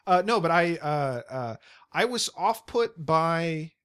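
A man's voice: a little high, animated, takes it slowly, a bit bright, clear, resonant tone. Hesitant man in a casual podcast chat. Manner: hesitant, many fillers and restarts.

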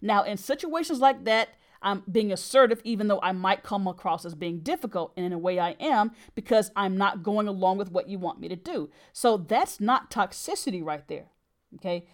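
A woman's voice: mid-range voice, expressive, moderate pace. Earnest woman telling a story. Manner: earnest and emphatic, with brief laughs. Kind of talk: personal storytelling monologue.

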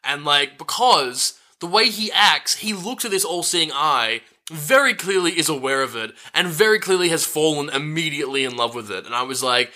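A laid-back man with a slightly raised, very bright voice walks through a movie plot, pausing on ums and likes. He sounds easygoing, tossing in "dude" as he chats. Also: on the high side. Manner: relaxed, filler-heavy, says dude. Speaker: podcast co-host. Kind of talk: casual movie recap chat.

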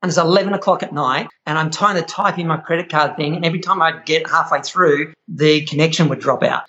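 A man's voice: fairly high pitch, a little fast, highs cut off, a little hiss or hum. A middle-aged Australian man, a chef, telling stories in a casual interview and laughing often. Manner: animated storyteller, laughs often. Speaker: guest, chef running an online membership.

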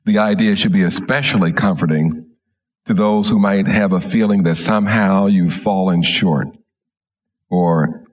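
A middle-aged man, a minister, telling a story slowly and gently in a sermon. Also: deep voice.

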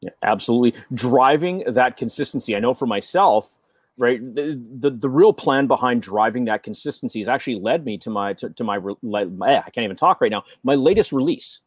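A man co-hosting a business show, talking in an animated way with rhetorical questions. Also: medium pitch, brisk, dry recording, studio quality. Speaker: co-host. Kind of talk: business podcast chat.

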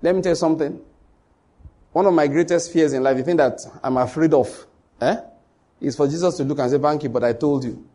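A man's voice: on the high side, a little fast, long pauses, dark tone. A man with a Nigerian accent preaching a sermon to his congregation, emphatic and repetitive, speaking straight to the listeners. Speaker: pastor.

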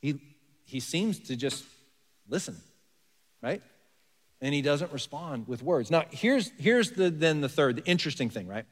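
A pastor with a slightly high voice preaches in a conversational way, putting questions to the congregation and stressing key words. His voice trails off into the long reverb of a large church hall. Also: animated, measured pace, pauses often. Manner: conversational preaching with rhetorical questions and shifting emphasis. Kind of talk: sermon. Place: church sanctuary.

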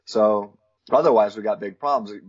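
Man, low husky voice, thoughtful explainer, dull lo-fi recording. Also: moderate pace. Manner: thoughtful, explanatory, laughs between points. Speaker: guest, Christian philosopher. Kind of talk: casual theological interview. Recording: dull lo-fi audio.

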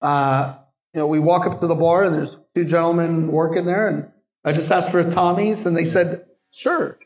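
Lively high-voiced man telling stories. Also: normal speed. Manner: animated storyteller, laughs often. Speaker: guest bartender. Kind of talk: live Q&A storytelling. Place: bar venue with audience. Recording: echoey live venue.

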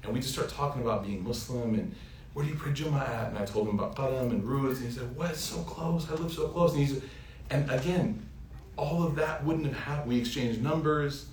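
A man giving a casual religious lesson, telling stories in a lively, anecdotal way and often laughing as he talks. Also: mid-range voice, a little hiss or hum. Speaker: Islamic teacher. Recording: roomy echo, speaker off-mic.

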